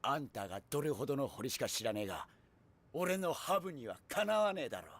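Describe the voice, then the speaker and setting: An actor voicing a brash young male gangster in a video game, with a gravelly, husky voice. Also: mid-range voice, sing-song, rapid-fire, a bit bright. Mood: boastful.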